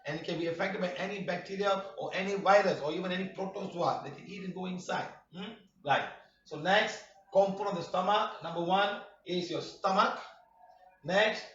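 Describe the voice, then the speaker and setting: A man teaching a healing workshop class, speaking emphatically, often shouting and firing rhetorical questions. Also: high-pitched, moderate pace, a little hiss or hum. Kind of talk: classroom lecture. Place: workshop room. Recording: roomy, distant, dull lo-fi room recording.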